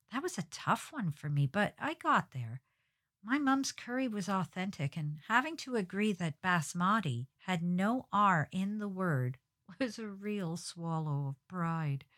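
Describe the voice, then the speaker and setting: British lady doing her solo podcast, low voice, kinda wry and reflective, reads it off a script. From Britain. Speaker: podcast host.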